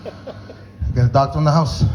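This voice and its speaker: A man's voice: mid-range voice, darkish tone, poor audio. A man doing stand-up, groggy from medication, telling rambling, profane stories and laughing at his own jokes. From Boston North End. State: groggy on antihistamine. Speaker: stand-up comedian. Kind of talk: stand-up storytelling.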